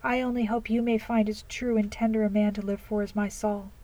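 A woman's voice: mid-range voice, flat delivery, brisk, close to an everyday voice, rough recording. A woman reading aloud, voicing an earnest young woman who speaks sincerely and firmly. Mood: tender. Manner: sincere, quietly firm.

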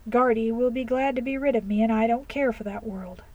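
A woman's voice: fairly high pitch, fairly quick, highs cut off, natural voice. A woman reading aloud, voicing an earnest young woman who speaks sincerely and firmly. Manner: sincere, quietly firm.

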